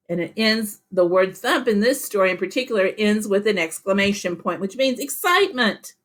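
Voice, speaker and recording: A woman teaching a reading lesson to young children, speaking in a patient, deliberate and encouraging way. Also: mid-range voice, a bit bright. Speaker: elementary school teacher.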